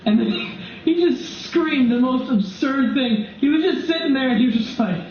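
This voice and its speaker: A young man and comedian vlogger telling crude, animated stories full of swearing. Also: very high-pitched, normal speed. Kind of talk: comedic storytelling. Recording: very echoey dull recording with noise.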